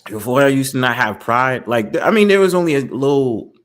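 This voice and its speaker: A man's voice: mid-range voice, a little fast. A man with a New York accent, a stream host talking eagerly and loosely about his home city in casual chat. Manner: rambling, excitable, slangy.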